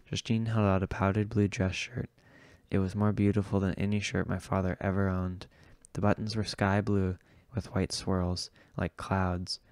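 Man reading an audiobook, really low flat voice, smooth, dry close mic. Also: dry recording. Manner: steady, understated narration. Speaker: audiobook reader. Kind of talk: first-person novel reading.

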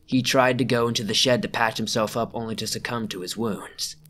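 A man reading out a first-person scary camping story as a narrator, measured and slowing down at the tense moments. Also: medium pitch, steady tone, fairly bright tone, a little hiss or hum. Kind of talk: scripted narration.

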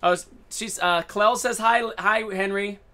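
A man live-streaming a shooter, talking in a casual and playful way as he narrates each moment. His tone is bright and a little edgy, and he jumps from excited outbursts to easy chatter with viewers. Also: high voice, measured pace. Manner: excitable, playful, jokey running commentary. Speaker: game streamer.

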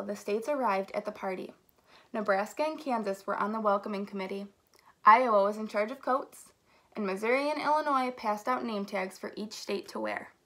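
A woman from an elementary school staff reading a picture book aloud to children, with a lively storytelling manner. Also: a little high.

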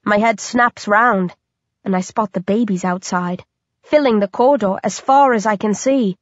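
A woman giving a dramatic, expressive first-person reading of a horror audiobook. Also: mid-range voice, normal speed, no echo. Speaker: audiobook narrator. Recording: dull lo-fi dry recording.

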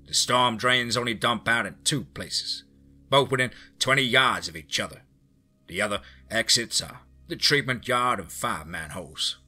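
A man voicing a gruff small-town male leader who gives slow, firm commands. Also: mid-range voice, pushed and bright, soft background music. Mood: blunt.

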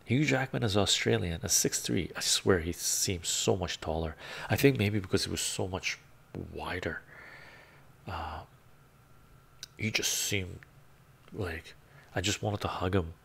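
A man with a somewhat low, gravelly voice talks casually on a live stream. He thinks aloud as he goes and laughs easily between remarks. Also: a little slow, pauses often. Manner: chatty, laughs often, thinks out loud.

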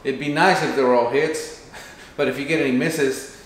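A man's voice: medium pitch, steady tone, moderate pace. Guy walking a buddy through a video plan, acts out the lines, super echoey room. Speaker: channel host. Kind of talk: casual planning chat. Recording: very echoey room, faint noise.

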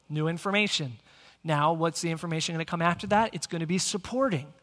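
A male pastor preaching a sermon, energetic and speaking directly to the congregation in a church sanctuary. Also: fairly high pitch, fairly quick. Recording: long church hall reverb.

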